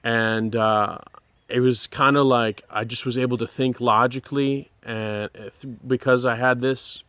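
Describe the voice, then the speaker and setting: Guy telling his testimony, earnest and halting, lots of pauses, dry close sound. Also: medium pitch, sharp tone, no echo. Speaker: person sharing a personal testimony. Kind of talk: personal testimony storytelling.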